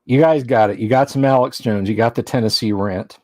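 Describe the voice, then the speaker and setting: A man hosting a casual livestream from a home studio, rambling and teasing his chat, halting with fillers. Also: medium pitch, no echo. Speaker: livestream host.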